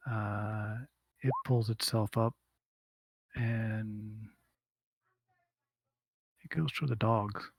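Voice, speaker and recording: Slow, gravelly-voiced male game master. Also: on the low side. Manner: relaxed, unhurried, hums filler sounds while rolling. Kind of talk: narrating a tabletop game.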